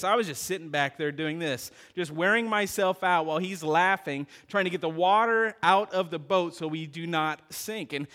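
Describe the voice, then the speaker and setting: A middle-aged man preaching a sermon, talking to the congregation, asking them questions and telling stories. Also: high-pitched. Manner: animated preaching with audience call-outs and storytelling. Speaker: pastor.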